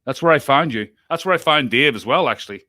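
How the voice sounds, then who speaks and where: A chatty man hosts a casual podcast conversation, often breaking off mid-thought and laughing along. His voice has a bright, forceful edge, recorded dry and close with almost no room sound. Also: medium pitch, lively intonation, fast, no echo. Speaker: podcast host. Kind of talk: casual group chat.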